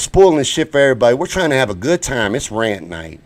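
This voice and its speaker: Host, male, American; profane live-stream ranter, very animated pitch, flips from shouting to muttering. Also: fast, few pauses. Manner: heated, profane, swings between shouting and muttering. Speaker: show host.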